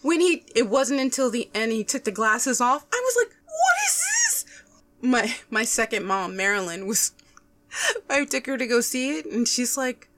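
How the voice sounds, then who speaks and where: A woman's voice: a little high, moderate pace. A woman co-hosting a podcast, chatting casually and acting out her own reactions as she tells stories. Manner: excitable, animated storytelling, acts out her own reactions. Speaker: podcast co-host. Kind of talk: casual chat.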